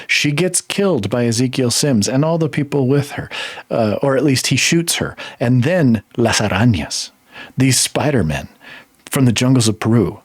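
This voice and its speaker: A man's voice: mid-range voice, no room sound. Exasperated male podcast host, dry sound. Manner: emphatic, exasperated, laughing often. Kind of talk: casual film review chat.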